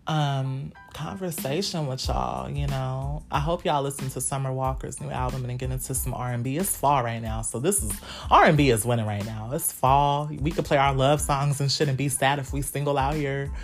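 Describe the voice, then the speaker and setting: Brief: low-pitched woman in her twenties, candid solo podcast host, salty and laughing, soft music behind. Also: steady tone, moderate pace. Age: 20s. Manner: frank, profane, laughing, talks straight to listeners.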